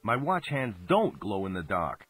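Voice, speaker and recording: Wry husky game hero, bouncy delivery, faint music under it. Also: male voice, fairly low pitch, big pitch swings, measured pace, fairly bright tone, no echo, heavily acted. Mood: dry. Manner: dry, sardonic quips. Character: wisecracking adult male adventure game hero.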